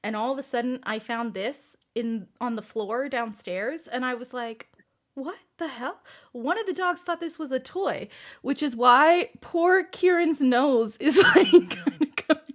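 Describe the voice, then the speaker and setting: A woman with a high voice leads a relaxed book club chat over a video call. She teases her friends and breaks into giggles easily. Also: a little slow. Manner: giggly, playful teasing. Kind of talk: casual chat.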